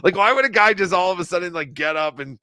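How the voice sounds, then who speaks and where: A man's voice: high-pitched, fast talker, pushed and bright, a little hiss or hum. A man hosting a casual live show, talking over clips in a mocking, joking way. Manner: mocking, puts on silly voices for laughs. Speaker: host.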